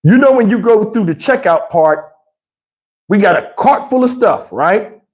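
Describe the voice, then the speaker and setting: A middle-aged man tells a profane, animated story to his livestream chat. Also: a little slow. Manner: animated, profane, swings into high voices to mimic others. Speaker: livestream host.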